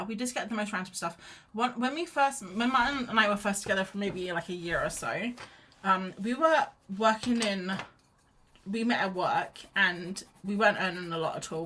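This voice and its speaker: Sketching live on stream, a young artist with a mid-range, somewhat bright voice talks in a rambling, easygoing way, peppered with fillers and restarts, over slight background noise.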